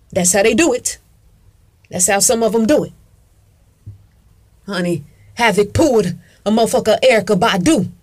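A woman talking straight to her viewers in a casual rant, emphatic and profane, repeating herself, calling listeners "honey" and answering her own questions. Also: mid-range voice. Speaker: video commentator. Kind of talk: casual ranting monologue.

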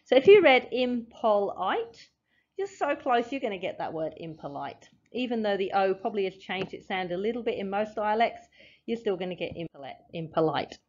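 A woman walks through a phonics lesson, sounding out each letter and syllable slowly and patiently. Her voice sits at an ordinary middle pitch. The recording is slightly dull and lo-fi. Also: expressive, a little mellow. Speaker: teacher. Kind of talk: phonics lesson, explaining at a board.

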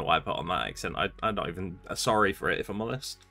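A man's voice: deep voice, expressive, fairly quick, vocal fry, bright, forceful tone, faint music behind. Sleepy man chatting on stream. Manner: chatty, rambling, reads out chat messages. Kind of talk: casual live-stream chat while gaming.

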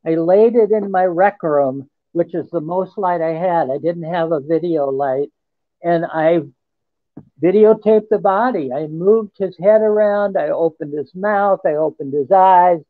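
A man with a high voice recounts a personal story in an earnest, halting way, pausing to restart his sentences. He is heard over a tinny, dry phone line. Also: no room sound. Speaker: interview guest. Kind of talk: first-person account in a radio interview.

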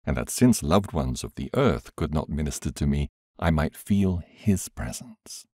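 A man reading an audiobook aloud in a measured, expressive way. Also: low voice, breathy edge, dry recording, clean studio sound. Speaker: audiobook reader. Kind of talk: scripted audiobook narration.

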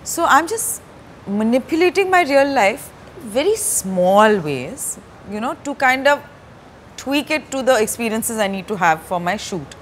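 A woman, talking as a guest in a candid stage interview, soft-spoken and hesitant with many fillers. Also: a little high, big pitch swings, measured pace, slight background noise. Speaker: actor and director, interview guest. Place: stage before a live audience.

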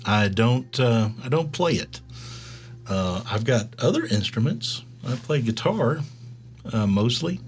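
A man's voice: mid-range voice, very animated, faint music behind. A middle-aged man from Georgia with a Southern drawl, hosting a developer live stream in casual, rambling talk full of fillers. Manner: rambling, halting, with many fillers.

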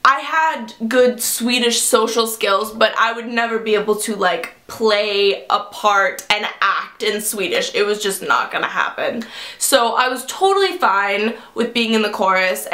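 A young woman vlogger telling a comic personal story, animatedly acting out the quoted lines with sudden high jumps. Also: lively intonation, unhurried, pushed and bright, reverberant.

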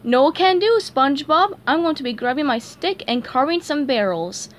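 A woman's voice: high voice, animated, moderate pace, pitched above the performer's own voice. A woman reading a storybook aloud, voicing a friendly, confident female squirrel who talks upbeat surfer slang. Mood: cheerful.

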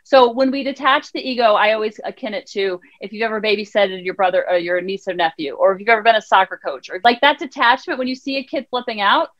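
Fast-talking woman counselor telling a story. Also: medium pitch, dull audio. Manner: animated storytelling, acts out her son's lines. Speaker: child counselor and life coach guest. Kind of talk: podcast conversation.

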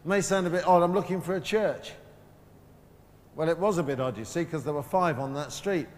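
A man preaching a sermon at a Christian conference, emphatic and slowing down to stress key words. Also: a little high, slight background noise. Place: large hall at a Christian conference. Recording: live sermon with long hall reverb.

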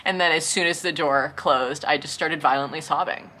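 A woman's voice: deep voice, normal speed, pushed and bright. A young woman in her twenties telling a casual storytime, chatty, with lots of "like" and "you know". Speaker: vlogger.

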